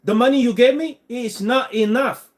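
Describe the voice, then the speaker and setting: Man doing a shrill, scolding shopkeeper. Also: normal speed. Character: irate middle-aged male shopkeeper, stingy and scolding.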